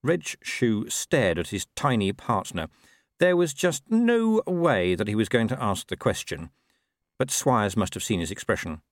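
A man reading a story as narrator, wry and expressive. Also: fairly low pitch, measured pace, no room sound, studio quality. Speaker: audiobook narrator. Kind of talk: scripted narration.

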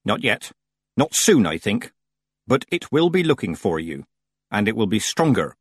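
A flinty old witch over sixty who gives orders in clipped, frosty tones, as a man reads her. The delivery is husky and dry, rising and falling widely. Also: lowish voice, sing-song, normal speed, no echo. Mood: stern. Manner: clipped, cold and commanding. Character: stern, icy old woman witch.

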